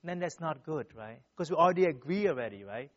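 High-voiced man preaching, lo-fi sound. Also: quick pace. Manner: tags nearly every sentence with a questioning "right?"; earnest, animated storytelling. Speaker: church speaker. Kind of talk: sermon with personal stories. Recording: dull, lo-fi sound.

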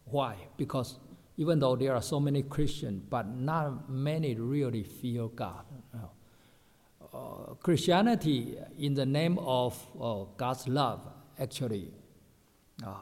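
Halting preacher in an echoey hall. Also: male voice, mid-range voice, a little mellow. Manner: halting, many fillers, repeats points, rhetorical questions. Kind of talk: sermon. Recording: echoey hall with long reverb.

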